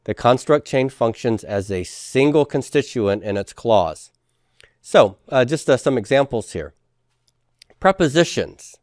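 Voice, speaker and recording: A man's voice: medium pitch, lively intonation, measured pace, a little mellow, no room sound, clean studio sound. A man teaching a class in a lecture style, explaining step by step and often checking with the students. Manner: explanatory, asks checking questions, frequent fillers.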